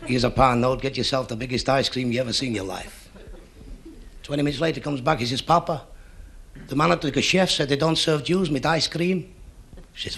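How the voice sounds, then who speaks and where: A man telling quick stand-up gags and acting out the dialogue of his jokes. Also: mid-range voice, vocal fry, a bit bright. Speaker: stand-up comedian.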